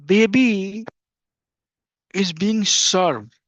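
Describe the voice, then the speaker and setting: A man's voice: high-pitched, very slow, fairly bright tone, dry recording. A middle-aged man teaching a devotional class earnestly, repeating phrases for emphasis. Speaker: spiritual teacher. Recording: dull lo-fi dry recording.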